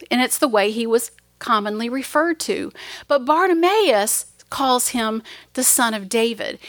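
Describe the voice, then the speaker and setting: Woman preacher, higher-pitched, earnest and emphatic, dry close sound. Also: fairly bright tone, no echo. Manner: earnest, emphatic storytelling with rising quoted cries. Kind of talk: sermon.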